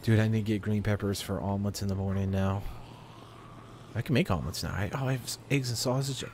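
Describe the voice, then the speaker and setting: Rambling lower-voiced man playing a game. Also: fast, darkish tone, a little hiss or hum. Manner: rambling, chatty, talks to himself while playing. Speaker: gamer. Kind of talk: let's play commentary.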